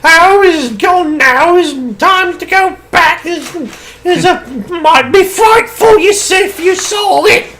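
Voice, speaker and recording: A man voicing a shrill, fussy old village woman in a piercing falsetto, mock-horrified. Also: expressive, slow pace, bright, forceful tone, exaggerated voice. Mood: shrill mockery.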